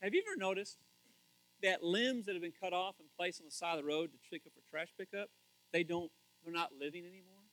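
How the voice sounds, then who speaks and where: A man's voice: high voice, a little fast, a bit bright, poor audio. A man preaching a folksy sermon who tells stories and keeps asking the crowd fill-in questions. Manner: folksy and storytelling.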